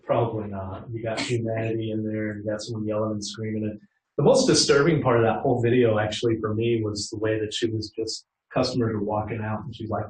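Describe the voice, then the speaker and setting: Recorded from afar with a roomy echo, a middle-aged man conducts a customer service workshop in a training room, chatting with and questioning the audience. He speaks briskly in a lowish, steady, slightly mellow voice.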